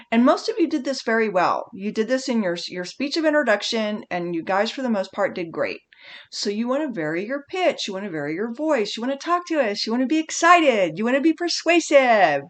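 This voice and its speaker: Speaking a little high, a woman speech instructor gives a recorded online lecture. She's lively and conversational, frequently correcting herself partway through sentences.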